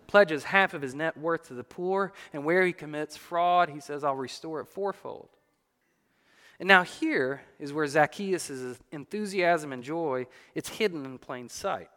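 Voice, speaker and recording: Man preaching, lively storytelling, bright tone, big echoey hall. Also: sits high. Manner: animated storytelling with light laughs. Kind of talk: sermon.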